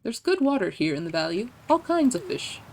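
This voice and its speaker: A woman's voice: a little high, sing-song, brisk, a little mellow, slight background noise. A woman voicing a jolly old male fisherman and shopkeeper, reading his lines in a folksy, hearty way, in a farming video game. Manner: folksy, hearty, read-aloud dialogue.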